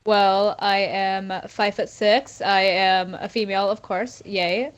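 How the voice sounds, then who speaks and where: A woman's voice: mid-range voice, flat delivery, unhurried, dull audio. A young woman, still a student, chatting playfully as a podcast guest and teasing the host. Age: young adult. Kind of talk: casual chat.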